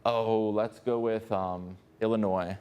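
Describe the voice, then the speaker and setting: A man's voice: fairly low pitch, steady tone, slow pace, darkish tone, smooth. A man on a TV weather show, chatting easygoingly and explaining weather terms in a nerdy way. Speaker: TV meteorologist co-host. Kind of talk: casual studio chat.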